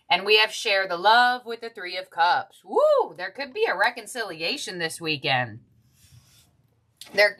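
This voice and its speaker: A woman's voice: medium pitch, sharp tone. A woman giving a casual tarot reading, chatty and heartfelt, thinking aloud as she goes. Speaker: tarot reader.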